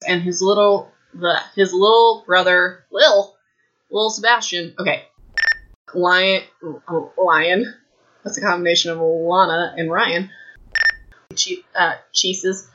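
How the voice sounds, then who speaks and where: Chatty woman with a bright voice. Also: fairly low pitch, fairly even intonation, takes it slowly, pauses often, muffled recording, slight background noise. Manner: chatty, rambling, self-deprecating asides. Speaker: podcast host. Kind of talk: casual book recap podcast. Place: home room. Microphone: desk mic.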